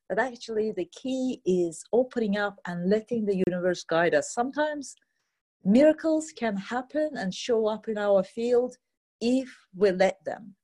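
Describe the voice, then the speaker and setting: A woman teaching a guided healing session, slow and soothing, leading phrases for others to repeat. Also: medium pitch, warm tone.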